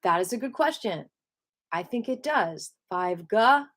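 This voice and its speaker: A woman giving a casual spoken qigong lesson. She talks in an animated way, piles up rhetorical questions and breaks into little acted-out voices of other people. Her pitch sits in the middle for a woman. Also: unhurried. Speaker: qigong teacher.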